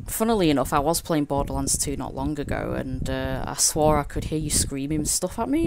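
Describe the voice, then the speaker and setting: A woman's voice: deep voice, expressive, a little fast, hardly any pauses, noisy background. A woman hosting an interview, asking questions in a friendly, casual way. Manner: friendly, brief responses, laughs easily. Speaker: interviewer host.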